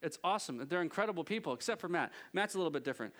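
Lively, high-voiced joking pastor man. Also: racing, a little hiss or hum. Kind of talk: sermon.

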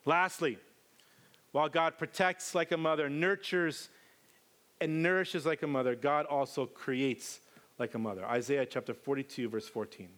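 A male pastor in his thirties preaching with a slightly higher-than-usual voice. He tells funny family stories animatedly, acting out his own lines. He then turns earnest as he draws the lesson. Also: moderate pace. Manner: animated, humorous storytelling with acted-out quotes. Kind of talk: sermon.

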